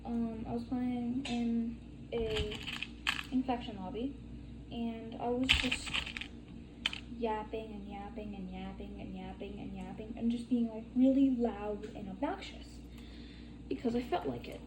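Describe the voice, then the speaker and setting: A woman's voice: a little high, fairly even intonation, unhurried, heavy background noise. A young woman chatting casually while demonstrating a bead craft, rambling and swearing freely. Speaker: crafting tutorial vlogger.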